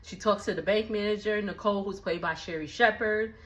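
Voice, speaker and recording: A woman recapping a movie in a casual, slangy, animated way, with lots of asides. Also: mid-range voice, brisk, dull audio.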